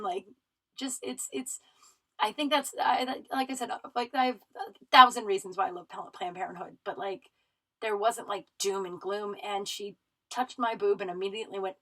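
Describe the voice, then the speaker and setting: A woman's voice: mid-range voice, fairly even intonation, normal speed, a bit bright, rough recording. A woman hosting her podcast, telling a personal story in a rambling, emotional way, teary and sniffling, with many restarts and fillers. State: tearful, runny nose. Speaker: podcast host. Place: home recording room.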